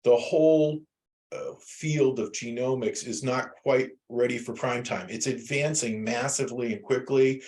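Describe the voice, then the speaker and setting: A man's voice: medium pitch, fairly even intonation, a little slow, a little mellow. Rambling man lecturing a class. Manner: rambling, with many fillers and restarts. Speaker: instructor.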